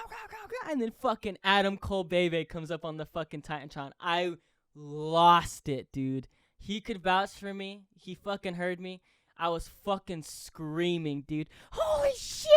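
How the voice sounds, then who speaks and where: A young man hosting a podcast, chatting excitedly, swearing constantly and yelling when he relives big moments. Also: on the high side, clear, resonant tone, no echo, clean studio sound. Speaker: podcast host. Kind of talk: excited casual chat.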